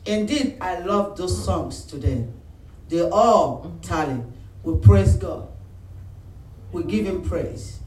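Man, pastor, animated sermon, acts out voices, high voice, echoey church hall, mic some way off. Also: takes it slowly, pauses often. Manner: animated preaching, acts out phone calls and voices of church members. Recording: roomy echo, mic at a distance, faint room noise.

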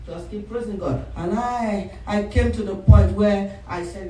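A middle-aged woman preaching a sermon, emphatic and building to shouts, calling for responses from the congregation. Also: medium pitch, moderate pace, few pauses. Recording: echoey hall, voice from far off.

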